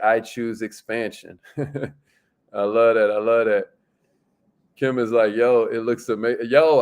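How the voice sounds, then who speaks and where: A man's voice: fairly low pitch, smooth. A man hosting a livestream in an upbeat, slangy, casual way, reading out viewer comments and laughing often. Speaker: livestream host.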